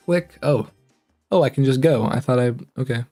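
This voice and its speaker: A man's voice: medium pitch, normal speed, gravelly, warm tone, faint music behind. A man streaming a video game, chatting casually and laughing at himself while reading the game text aloud. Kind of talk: casual let's-play commentary.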